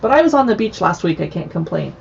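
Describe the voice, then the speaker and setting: A woman's voice: on the low side, very animated, fast, vocal fry, highs cut off, slight background noise. A woman hosting a casual livestream chat, chatty and playful with joking asides. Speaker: livestream host.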